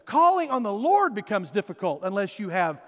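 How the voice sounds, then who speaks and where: Male pastor, high-pitched, animated storyteller, church hall with long reverb. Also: brisk. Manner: storytelling, animated, acts out voices in his story. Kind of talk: sermon. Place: church sanctuary.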